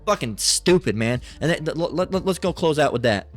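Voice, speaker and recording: A man's voice: a little high, lively intonation, moderate pace, faint music behind. A man giving an agitated, profane Bible lesson, ranting angrily and reading scripture between outbursts. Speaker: Bible teacher.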